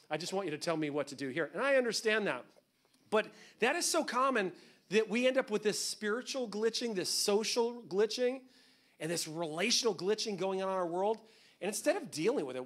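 A pastor with a high voice for a man delivers a sermon. He talks in a relaxed, conversational way and cracks jokes. He often slips into acting out what other people say. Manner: conversational and joking, acts out quotes.

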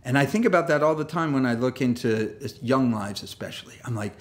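A man's voice: mid-range voice, expressive, fairly quick, hardly any pauses. A man preaching a sermon as pastor, conversational and self-deprecating, with jokey asides and laughs. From United States. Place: church sanctuary.

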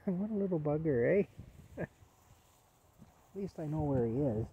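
A man's voice: a little high, expressive, moderate pace, pauses often, narrow, tinny audio, slight background noise. A man vlogging outdoors beside a camper, chuckling as he keeps calling his cat to come. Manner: coaxing, chuckling, repeats calls to his cat. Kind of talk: casual talk to camera while coaxing a pet.

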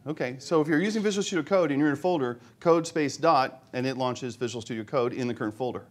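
A man's voice: medium pitch, quick pace. A middle-aged man giving a live technical presentation to a conference audience, chatty and joking, often asking the audience questions. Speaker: conference speaker. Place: conference room before an audience.

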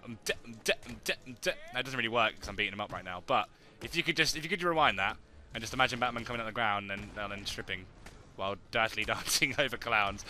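A young man, joking and excitable as he comments on his own gameplay and talks to his viewers. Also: mid-range voice, fast, faint music behind. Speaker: let's play gamer.

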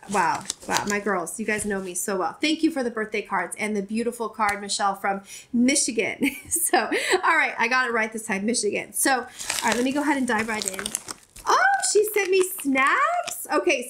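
A chatty woman in her forties opens gifts on camera, gushing and thanking her viewers. She talks in a casual, rambling way, full of restarts and fillers. Her voice sits a little high. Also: brisk, fairly bright tone, a little hiss or hum. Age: 40s. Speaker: YouTuber opening gifts. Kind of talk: casual unboxing chat to camera.

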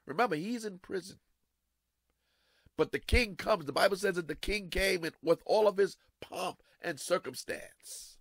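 A man pastor preaching a sermon dramatically, repeating his phrases and swinging from hushed to loud. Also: sits high, measured pace, creaky, dry recording.

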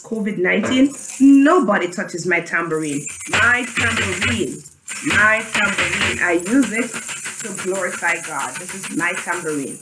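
A woman's voice: mid-range voice, echoey room, noisy background. A woman teaching a children's phonics reading lesson, chanting and spelling letters aloud with her class. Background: tambourine jangling.

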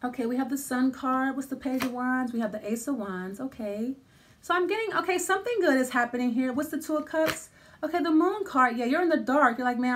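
Casting note: woman tarot reader, high voice, rambling and conversational. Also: a little hiss or hum. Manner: thinking aloud, many restarts and fillers. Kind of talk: casual tarot reading.

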